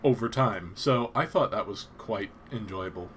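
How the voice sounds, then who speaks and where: A man's voice: fairly low pitch, normal speed, fairly bright tone, a little hiss or hum. A man from Canada chatting casually on a live stream, rambling and hesitant with frequent ums and restarts.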